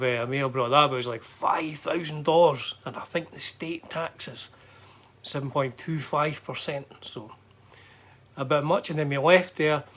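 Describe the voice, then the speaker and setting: A man's voice: on the high side, fairly bright tone. A middle-aged man with a Scottish accent, chatting casually about a trip, rambling with lots of fillers and restarts. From Scotland. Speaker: guitar vlogger. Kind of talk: casual travel chat.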